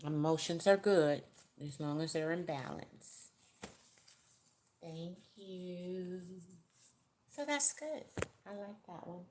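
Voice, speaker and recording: Low-voiced woman reading tarot. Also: takes it slowly, pauses often, darkish tone, slight background noise. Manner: chatty, folksy, gives direct advice. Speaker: tarot reader. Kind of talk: casual tarot reading to the viewer.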